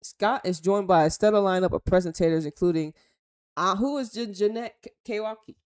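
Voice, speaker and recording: A woman's voice: mid-range voice, brisk, darkish tone, smooth. A woman with an American accent hosting a casual talk show, reading news aloud and reacting bluntly in slangy, offhand remarks. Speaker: host.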